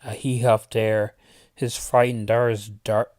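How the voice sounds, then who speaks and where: A man reading a spooky story aloud as its narrator, in a deliberate manner with the odd aside to his listeners. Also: fairly low pitch, little pitch movement, a little mellow, dry recording, studio quality. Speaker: channel host reading his own story.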